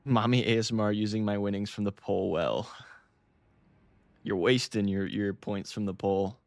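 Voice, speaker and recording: A man's voice: lowish voice, steady tone, moderate pace, a little mellow, dry recording. An American man chatting casually to his live-stream chat, often laughing, swearing and stumbling over words. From United States.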